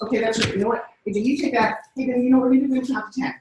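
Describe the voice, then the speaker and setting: A middle-aged woman telling stories in an animated way, often acting out voices. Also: fairly high pitch, very fast, slight background noise. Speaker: speaker. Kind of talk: storytelling talk. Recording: echoey room, far from mic.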